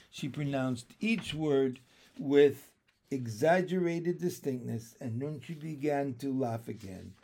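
A man reading a children's chapter book aloud in an expressive, lively storytelling manner. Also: medium pitch, measured pace, gravelly. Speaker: reader.

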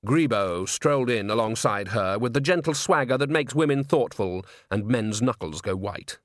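A man narrating a comic fantasy audiobook in a measured, even storytelling manner. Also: mid-range voice, no room sound, studio quality. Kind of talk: scripted narration.

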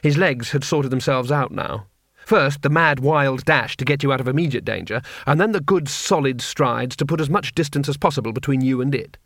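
A male narrator reads comic fantasy prose in a wry, brisk way. His voice sits at a middling pitch, neither high nor low. The recording is dry and close, with no room sound. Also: fairly bright tone, no echo. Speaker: audiobook narrator. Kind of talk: scripted narration.

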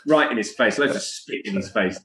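Low-voiced man telling stories. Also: fairly quick, shouting. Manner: animated, chatty anecdotes with laughs. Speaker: guest musician. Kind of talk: casual podcast storytelling. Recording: echoey room.

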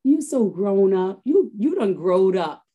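A woman putting on the voice of her lively older mother, who chats and teases in a bright, raised, animated voice. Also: mid-range voice, unhurried. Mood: teasing.

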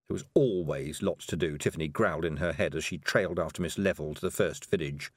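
A man narrating a children's fantasy novel in an expressive, measured storytelling voice. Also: rumbling low, no room sound, clean studio sound. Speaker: audiobook narrator. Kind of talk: scripted narration.

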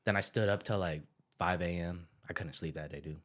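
A man's voice: sits low, fairly quick, a bit bright, slight background noise. Laid-back young man telling stories. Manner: laid-back storytelling, slangy, laughs often. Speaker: podcast co-host. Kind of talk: casual chat among friends.

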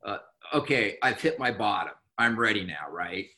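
A middle-aged man telling his own recovery story candidly, halting with many restarts and wry laughs. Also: fairly low pitch, animated, bright, forceful tone. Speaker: recovering alcoholic guest.

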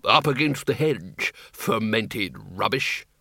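A man's voice: on the high side, big pitch swings, normal speed, fairly bright tone, no echo, studio quality, pitched above the performer's own voice. A man doing a blustering old wizard chief.

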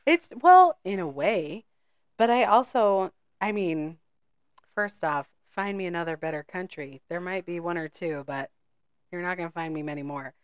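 Lady cohost, lowish voice, chatty, laughs a lot, side-note rambles, dry sound. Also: expressive, moderate pace, no room sound. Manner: chatty, laughs often, goes off on side notes. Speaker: podcast co-host. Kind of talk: casual chat.

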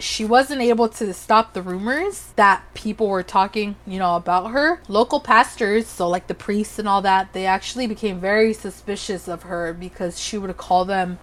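A woman whose first language is Spanish tells a dark tale in easy podcast chat. She keeps it lively and acts out the quotes in dramatic voices, at a medium pitch. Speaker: podcast co-host. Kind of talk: casual storytelling chat.

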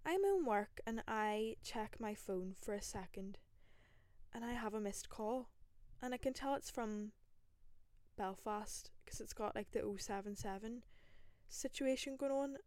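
A young Northern Irish woman hosting a podcast, telling a story in a lively, self-mocking way, full of rambling asides, into a single microphone. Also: fairly high pitch, measured pace, no echo. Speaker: podcast host. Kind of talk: casual solo storytelling.

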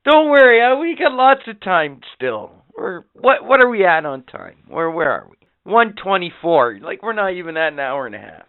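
A man hosting a podcast in profane, rambling casual chat, swinging between loud and quiet. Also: high-pitched, very animated, normal speed, hardly any pauses, clear, resonant tone. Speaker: podcast host. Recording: phone-like lo-fi audio.

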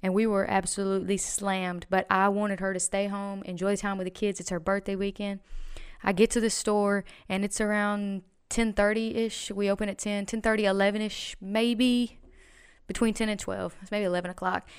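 A woman's voice: medium pitch, level tone, normal speed, clean tone. A woman chatting as a podcast guest, telling a personal story in a rambling, emphatic way with many restarts. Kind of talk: casual podcast chat.

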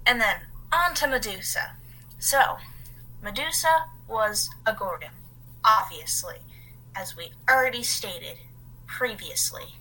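A woman's voice: a little high, expressive, slow pace, pushed and bright, poor audio. A woman co-hosting a podcast, telling a story in a casual, rambling way as she reads from her notes and adds asides. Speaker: podcast co-host.

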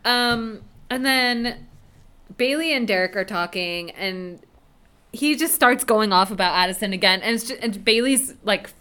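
A woman co-hosts a casual podcast with a bright, smooth voice. She retells scenes in an animated way, peppered with swearing. Her pitch sits in a middle range. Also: measured pace. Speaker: podcast co-host. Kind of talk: casual recap chat.

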